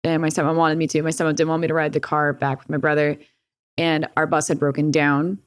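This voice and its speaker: A young woman appearing as a podcast guest speaks fast in a low voice, recorded cleanly in a studio with no echo. She recounts a personal story candidly and animatedly, swearing often and saying "like" a lot.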